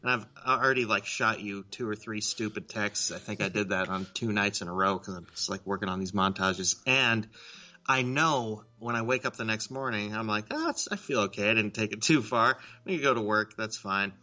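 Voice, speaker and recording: A man's voice: lowish voice, normal speed, sharp tone. A man co-hosting a podcast in casual chat, rambling, poking fun at himself and swearing freely. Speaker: podcast co-host.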